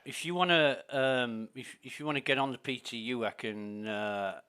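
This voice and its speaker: A man chatting casually with friends on a voice call while playing a game, friendly and quick to laugh. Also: mid-range voice, bright, forceful tone, smooth. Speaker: gaming streamer leading a group. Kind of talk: casual gaming chat over voice call.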